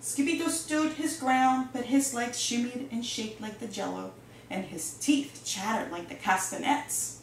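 Teacher read-aloud: expressive woman, slightly high voice, echoey room, mic far off. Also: a little slow, gravelly, a little hiss or hum. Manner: lively, expressive. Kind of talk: reading a picture book aloud.

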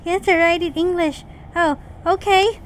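A woman host talks through her game in casual, excitable commentary. Her voice sits high, and she keeps chattering to the characters on screen in a playful way. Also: normal speed, slight background noise. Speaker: mom gaming channel host.

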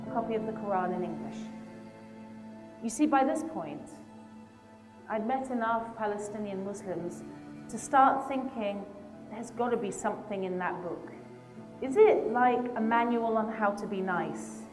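A woman tells a personal story from a lecture stage, vivid and emotional, stepping briefly into the voices of the people she met. Her voice sits fairly high and rings out with the long reverb of a large hall. Music plays clearly underneath. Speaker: public speaker.

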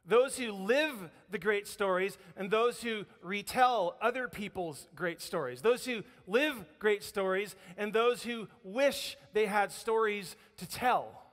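A man's voice: high-pitched, slow, few pauses, a bit bright. A man preaching a sermon as a pastor, telling a story vividly and acting out what people say. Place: church sanctuary. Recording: church hall reverb.

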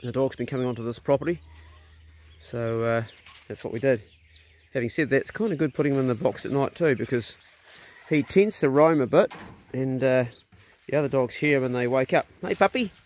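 Brisk and a little mellow, this medium-pitched voice belongs to a middle-aged hunter and vlogger chatting to his phone camera outdoors on rural land. He's easygoing and blunt with mild swearing, and he keeps turning to coax his dogs in a raised voice.

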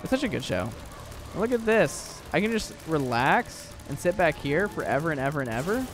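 A man's voice: a little high, very animated, normal speed, a little hiss or hum. A young man rambling through casual gameplay commentary, full of fillers and restarts. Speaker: gaming YouTuber.

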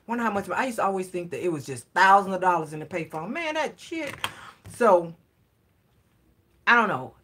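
A woman's voice: on the low side, very animated, brisk, pauses often, a bit bright, slight background noise. A woman, telling stories in a casual, playful chat for her vlog and swearing lightly in a slangy way. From Atlanta, US South. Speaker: vlogger.

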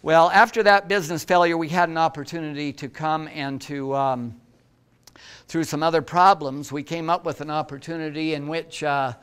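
Older male entrepreneur, lively self-deprecating storyteller, slightly high pitch, clear resonant tone. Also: moderate pace. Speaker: guest lecturer, entrepreneur. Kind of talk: anecdotal lecture to students.

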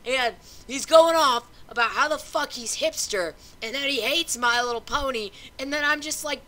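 A young woman ranting casually on her own vlog, swearing constantly and getting louder and higher as she gets worked up. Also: moderate pace. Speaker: vlogger. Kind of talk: casual profane rant.

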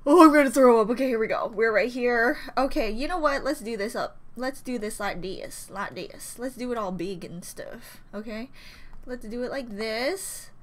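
Giddy high-voiced woman fan vlogger. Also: moderate pace. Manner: giddy, rambling, squealing and laughing. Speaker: K-pop reaction vlogger. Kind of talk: excited fan reaction chat.

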